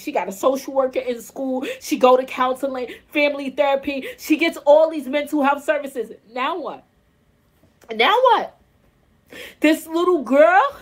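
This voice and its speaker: A woman in her thirties, a mother venting in an exasperated, repetitive, pleading way in a vlog rant. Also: sits high.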